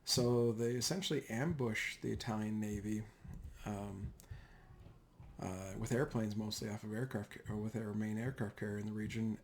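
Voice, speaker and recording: A man's voice: lowish voice, slight background noise. A man giving a casual, rambling history lecture over slides, often correcting himself mid-sentence. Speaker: history teacher.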